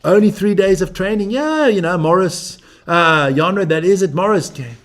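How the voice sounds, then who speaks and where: A man's voice: high-pitched, lively intonation, normal speed. A man hosting a live stream as he watches a rugby match, joking, swearing and chatting with viewers and with people in the room. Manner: brash, profane, joking banter.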